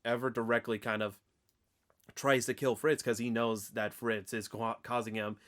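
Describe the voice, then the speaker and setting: A man's voice: medium pitch, little pitch movement, normal speed, a bit bright. A man with an Oklahoman accent co-hosting a casual podcast, rambling with lots of fillers and restarts. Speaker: podcast co-host. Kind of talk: casual chat.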